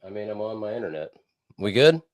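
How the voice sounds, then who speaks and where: Young male co-host, very low and lively pitch, hoarse, profane rambler on a dry call line. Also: a little fast, dry recording, soft background music. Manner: rambling, profane, laid-back. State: hoarse from screaming. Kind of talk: casual podcast chat. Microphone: remote video call.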